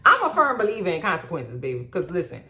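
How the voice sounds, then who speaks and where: A woman vlogger casually recapping a documentary with sassy, slangy, profane commentary and animated asides. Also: fairly low pitch, fast, soft background music.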